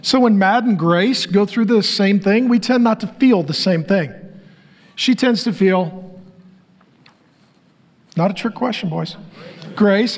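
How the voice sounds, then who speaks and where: A middle-aged man preaching a sermon as pastor, conversational, with joking asides to the crowd. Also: sits high.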